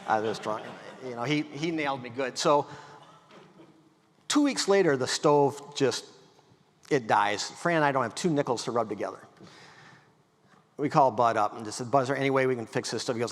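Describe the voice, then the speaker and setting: Brief: middle-aged male guest speaker, folksy animated storyteller, mid pitch, long reverb of a hall. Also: moderate pace. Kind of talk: storytelling talk. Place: event hall.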